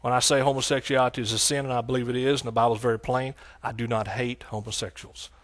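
A middle-aged man with a Texan accent preaching a sermon, exclaiming hallelujah and swinging between loud outbursts and hushed asides. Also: mid-range voice, level tone, fast.

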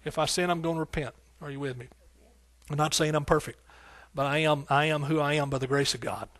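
A man's voice: fairly high pitch, fairly even intonation, brisk, fairly bright tone. A man preaching a sermon, fervent and rhythmic, repeating phrases, calling out hallelujah and talking folksily to the congregation. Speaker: pastor.

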